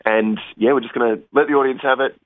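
A musician, a man, talking casually in a radio interview over the phone, friendly and halting with many restarts. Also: medium pitch, steady tone, no echo. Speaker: musician guest. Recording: tinny phone line.

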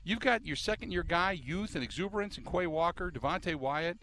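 A man's voice: sits high, expressive, fairly quick, fairly bright tone, slight background noise. A man hosting a sports talk radio show, talking emphatically and with exasperation, often repeating himself.

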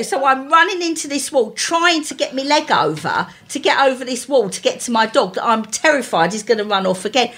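A woman co-hosting a podcast, chatting and telling animated anecdotes. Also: slightly rough. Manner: animated storyteller, jumps high when quoting people. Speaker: podcast co-host. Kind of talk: casual chat and anecdote telling.

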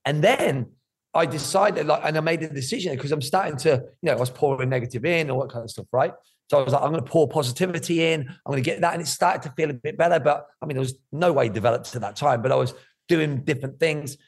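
A middle-aged man, talking candidly about his life in an interview, animated and swearing freely. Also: on the high side, fast talker, slightly rough. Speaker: guest.

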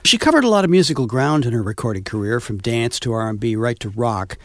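A man co-hosting a music radio show, easygoing and quick to laugh. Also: medium pitch, lively intonation, a bit bright, no room sound, clean studio sound. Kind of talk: casual chat and scripted setup.

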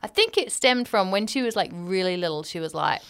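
Smooth-voiced woman chatting casually. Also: lowish voice, lively intonation, fairly quick. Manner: laughs often, chimes in with short replies. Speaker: podcast co-host. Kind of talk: casual chat.

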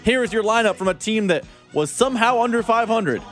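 A man's voice: high-pitched, animated, a little fast, fairly bright tone, faint music behind. A man co-hosting a sports radio show, reading out lineups with dry wisecracks. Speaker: radio co-host.

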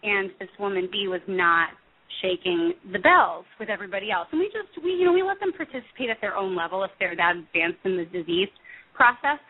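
A woman's voice: mid-range voice, husky. Woman speaking over a tinny phone line. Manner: thoughtful, earnest, with frequent ums and restarts. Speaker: music therapist guest. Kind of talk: conversational interview over the phone.

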